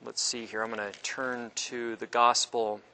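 A man teaching a class in a relaxed, halting way, with many fillers and restarts. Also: mid-range voice, poor audio. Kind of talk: informal classroom lecture.

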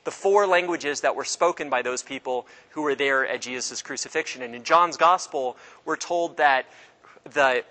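Bright-voiced man giving a casual lecture. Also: medium pitch, poor audio. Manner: casual, halting, with many fillers and restarts. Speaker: teacher. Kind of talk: informal classroom lecture.

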